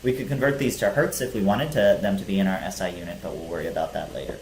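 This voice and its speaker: A man's voice: sits low, fast talker, a little mellow. A male teacher giving a physics lecture, explaining step by step with some fillers. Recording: echoey room with faint hiss.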